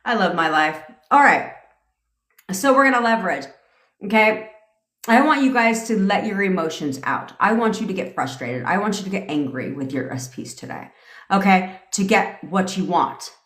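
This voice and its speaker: A woman's voice: mid-range voice, animated, normal speed, a bit bright, roomy sound. A woman coaching viewers on a casual livestream, blunt and profane, laughing often. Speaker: manifestation coach. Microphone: phone or webcam.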